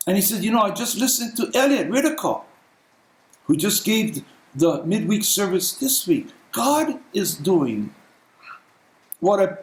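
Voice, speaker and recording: A man preaching a sermon as a pastor, telling stories conversationally and clearing his throat often. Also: high-pitched, reverberant, low-quality recording.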